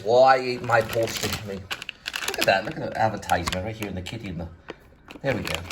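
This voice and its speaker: A man vlogging at home, scolding his cat in a high sing-song voice, with playful rambling asides. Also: very noisy. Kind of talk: casual vlog talk to his cat.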